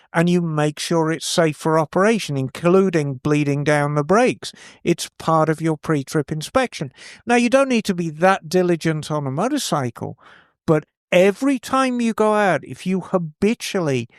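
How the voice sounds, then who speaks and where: A man's voice: high voice, clear, resonant tone, dry recording, clean studio sound. Chatty man giving advice. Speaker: podcast co-host. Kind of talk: casual chat.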